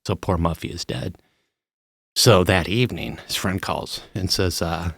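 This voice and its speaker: Man, podcast host, middle-aged, low voice, dry close sound, animated storyteller. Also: measured pace, dry recording. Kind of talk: casual chat.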